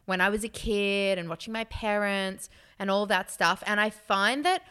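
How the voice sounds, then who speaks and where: A young woman with a bright, clear, medium-pitched voice co-hosts a podcast, chatting casually at a moderate pace. She's an animated storyteller who acts out quotes.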